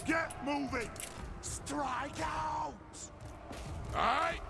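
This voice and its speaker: A man voicing gruff male dwarf soldiers who bark short battle cries, as video game unit voice lines. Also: extremely high pitch, very slow, over music, full character voice. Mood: shouting commands. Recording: loud battle noise behind.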